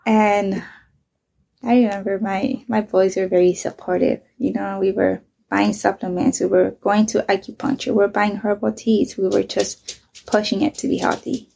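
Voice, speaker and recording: A woman's voice: medium pitch, little pitch movement, moderate pace, gravelly, mellow, husky. A woman in her thirties, speaking bluntly and with lots of swearing, who often drops to a whisper while telling her story. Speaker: vlogger. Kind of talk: casual storytelling.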